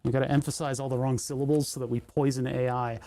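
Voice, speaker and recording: A man's voice: medium pitch, level tone, fast talker, mellow. Rambling man chatting while soldering. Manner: rambling, joking asides, thinking aloud. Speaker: livestream host building electronics. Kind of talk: casual livestream chat while soldering.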